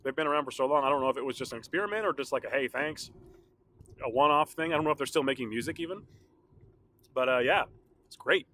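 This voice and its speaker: Talking very fast in a pushed, bright, medium-pitched voice, a podcast host chats solo in a casual, rambling manner with frequent laughter. His throat is a little sore, and a little hiss or hum is audible.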